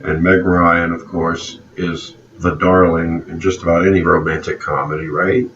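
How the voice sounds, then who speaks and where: A man from South Louisiana co-hosting a casual movie chat, relaxed and opinionated, chuckling often. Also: low voice, moderate pace. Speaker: co-host of a movie review show. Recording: roomy, distant, dull, faint background hiss.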